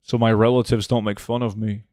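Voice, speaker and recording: A man's voice: lowish voice, flat delivery, a little fast, darkish tone, dry recording, clean studio sound. Laid-back streamer man. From Norway. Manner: laid-back, chatty, loose with fillers. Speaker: game streamer. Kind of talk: casual livestream chat, reading chat aloud.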